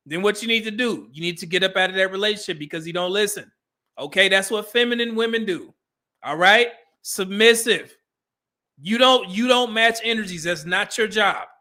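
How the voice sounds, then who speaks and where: High bright-voiced man reacting. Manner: loud, laughing, slangy advice-giving. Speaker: reaction streamer. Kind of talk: casual commentary.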